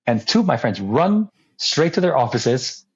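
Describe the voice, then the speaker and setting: Husky-voiced man telling a story. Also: medium pitch, moderate pace, muffled recording. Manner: animated storyteller who acts out quoted dialogue; frequent restarts and repeated words. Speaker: podcast guest. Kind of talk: storytelling conversation.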